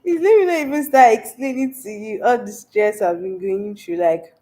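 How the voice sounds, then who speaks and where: A woman's voice: medium pitch, normal speed, darkish tone, soft background music. A young Nigerian woman with a stuffy, congested voice from a cold, chatting casually on a livestream and laughing often. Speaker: livestream host. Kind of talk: casual livestream chat reading comments.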